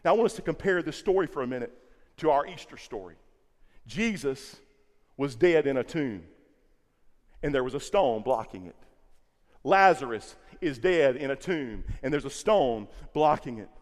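A pastor preaching an Easter sermon, swinging from hushed lines to loud, repeating phrases for emphasis. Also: male voice, mid-range voice, lively intonation, moderate pace, big-room sound. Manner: impassioned, swinging from quiet to loud, repeating words. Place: church sanctuary.

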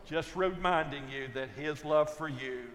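An older man preaching a sermon, telling folksy stories and swinging from loud to hushed. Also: fairly high pitch, unhurried, in a large hall, a little hiss or hum. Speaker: pastor.

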